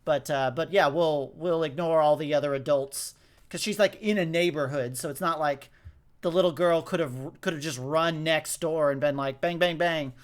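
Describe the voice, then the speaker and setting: A man co-hosting a podcast, chatting casually about a movie and acting out its lines in a lively way. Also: fairly high pitch, normal speed. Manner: animated, acts out movie lines. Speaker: podcast co-host. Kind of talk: casual movie recap chat.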